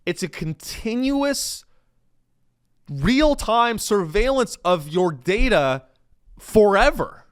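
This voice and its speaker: Animated sarcastic man ranting. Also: sits high, takes it slowly, clean tone, dry recording, studio quality. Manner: sarcastic, animated rants with self-interruptions. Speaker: comedy podcast host. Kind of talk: comedic monologue.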